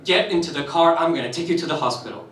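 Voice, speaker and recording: A man's voice: fairly high pitch, fast, fairly bright tone, lightly acted. A man voicing the woman who rescued him, firm and caring as she pushes him into her car. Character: kind but urgent woman rescuer, adult. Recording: echoey room, voice from some distance.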